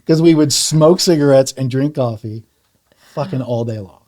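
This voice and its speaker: A middle-aged man, a podcast guest, telling stories in a relaxed chat, animated and casually profane. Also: medium pitch, normal speed. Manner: animated storyteller, swears casually. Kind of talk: casual storytelling conversation.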